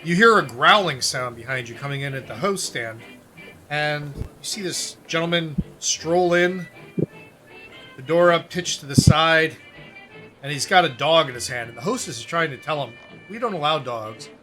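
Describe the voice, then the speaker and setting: A man narrating a tabletop game as game master in a relaxed, descriptive way. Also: a little high, moderate pace, over music.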